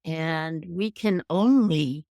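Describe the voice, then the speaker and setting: A Canadian-accented woman hosts a heartfelt interview, her talk effusive and musing. Her voice sits a little low and sounds close and dry, with no room around it. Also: very slow, no echo. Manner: warm, effusive, thoughtful. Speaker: podcast host. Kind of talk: conversational interview.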